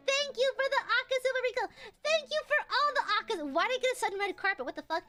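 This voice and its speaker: A young woman streaming, chatting casually with her chat, swearing freely and squealing when excited. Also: extremely high pitch, fast talker, few pauses, soft background music.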